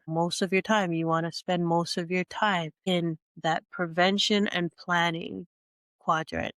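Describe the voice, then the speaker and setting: A woman coach with a stuffy, congested nose, teaching a slow and earnest monologue with frequent restarts. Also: fairly low pitch, a bit bright, clean tone, no echo. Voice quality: nasal from congestion. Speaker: speaker and coach.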